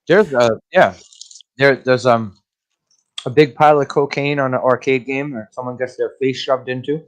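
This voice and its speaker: A man's voice: medium pitch, steady tone, a little slow. A man co-hosting a casual movie-review podcast, blunt and profane, laughing often as he gives his opinions. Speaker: podcast co-host.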